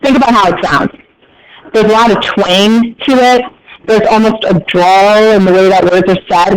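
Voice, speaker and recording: An American man teaches a class in a fairly high voice, chatty and quick to throw in joking asides for his students. A steady hiss of noise runs under the recording. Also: poor audio. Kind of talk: classroom lecture.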